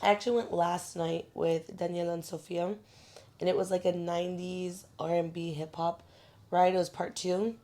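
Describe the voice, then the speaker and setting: A young woman co-hosting a podcast in relaxed, casual chat. Her voice sits on the low side, and she talks in a loose, rambling way with plenty of fillers. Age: young adult. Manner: relaxed, chatty, drawn-out speech with fillers. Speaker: podcast co-host.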